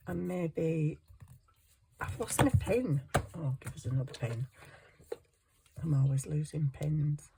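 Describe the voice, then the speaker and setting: Low mellow woman chatting while crafting. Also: takes it slowly, gravelly, pauses often, a little hiss or hum. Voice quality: chatty, talks to herself and viewers. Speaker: craft vlogger. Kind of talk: casual chat while crafting.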